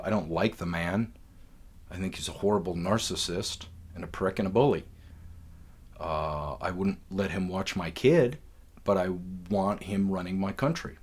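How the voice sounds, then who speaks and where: A podcast host with a very low, deep voice gives his opinions in a blunt and profane way. He talks casually, straight to his listeners.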